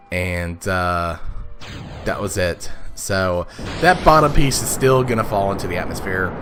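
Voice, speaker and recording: Gamer host, man, lower voice, raspy and congested, rambling gameplay commentary over faint background hum. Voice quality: raspy, congested from blocked sinuses. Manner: rambling, many fillers and restarts. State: sniffly, stuffed up. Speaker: let's play gamer.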